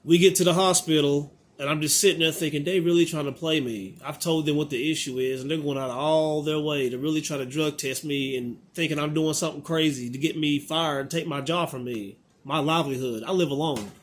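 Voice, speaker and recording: A man in his thirties tells a story straight to his viewers, and his voice sits a little higher than most men's. He talks in a loose, exasperated way and acts out both sides of each exchange. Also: fairly even intonation, brisk, few pauses, slight background noise. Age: 30s. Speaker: vlogger. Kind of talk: casual storytime monologue.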